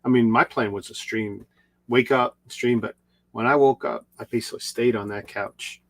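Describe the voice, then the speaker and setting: A man's voice: medium pitch, fairly even intonation, moderate pace, no echo. A middle-aged man casually telling a long, rambling personal story with restarts and repeats. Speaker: video creator.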